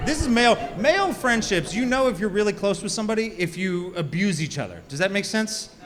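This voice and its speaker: Crude high-voiced stand-up comic man. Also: lively intonation, fairly quick. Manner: crude, self-mocking, chatty with the crowd. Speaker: stand-up comedian. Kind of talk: stand-up set. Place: comedy club stage. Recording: live club with reverb and loud crowd. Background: audience laughter.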